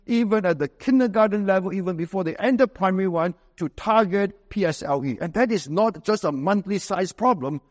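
A man with a Singaporean English accent preaching a sermon as pastor, emphatic, with slow, drawn-out scripture quotes. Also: high voice, in a large hall.

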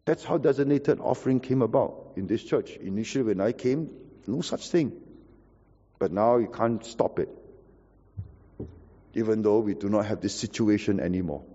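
A pastor preaching a sermon, explaining scripture and repeating key words for emphasis. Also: male voice, on the low side, normal speed, long pauses, mellow, big-room sound, muffled recording.

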